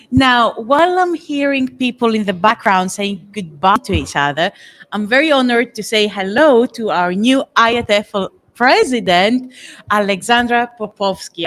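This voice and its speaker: A woman's voice: fairly high pitch, expressive, moderate pace, a bit bright. A woman interviewing people at a conference, asking curious, upbeat questions.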